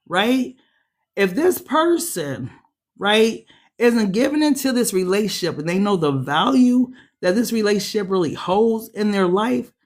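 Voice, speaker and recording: A woman giving a casual tarot reading, talking straight to viewers in a blunt, profane way that jumps into high, excited bursts. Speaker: tarot reader.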